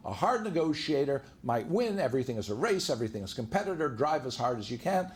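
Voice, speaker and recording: A man's voice: medium pitch, very animated, fast talker, slight background noise. A man, a divorce lawyer, giving a seminar to a live audience in a conversational way, full of anecdotes. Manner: conversational, anecdote-driven, acts out quoted dialogue.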